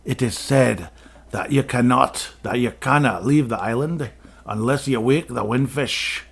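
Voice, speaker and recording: A man voicing a wise old male owl guide in a put-on mock Scottish accent, speaking slowly and gravely. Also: medium pitch. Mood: solemn.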